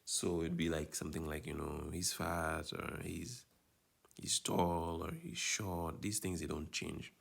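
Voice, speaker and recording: A man's voice: deep voice, fairly even intonation, a little slow, vocal fry, a bit bright. A man teaching a Spanish lesson, explaining patiently and checking in with his students as he goes. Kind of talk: recorded lesson walkthrough.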